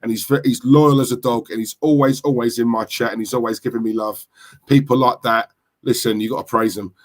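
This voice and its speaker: A man's voice: medium pitch, steady tone, a little fast. A man with a London accent hosting a casual football live stream, chatty and full of slang as he greets viewers in the chat. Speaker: football livestream host.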